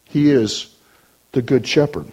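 A man preaching a sermon with emphasis, swinging between loud raised passages and low, quiet ones. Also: slow pace, breathy edge.

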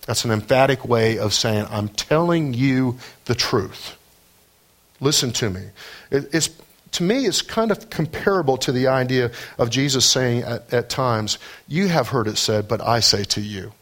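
A man preaching a sermon, emphatic, climbing high on scripture and key points and often repeating words as he starts a phrase. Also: moderate pace, fairly bright tone. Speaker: pastor.

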